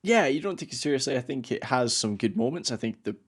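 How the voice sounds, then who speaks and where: A man co-hosting a podcast in casual chat, relaxed and rambling, with plenty of "uh" and "like" and frequent laughs. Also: mid-range voice, fast, husky. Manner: relaxed and rambling, full of fillers like "uh" and "like", laughs often. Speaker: podcast co-host.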